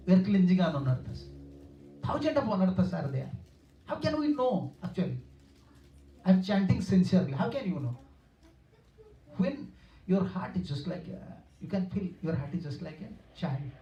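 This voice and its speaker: His voice sits high, mellow, with big pitch swings, normal speed and long pauses. He's a spiritual teacher giving a devotional lecture in a hall, earnestly telling stories, repeating himself and chuckling; a far-off room mic yields lo-fi sound with a little hiss or hum.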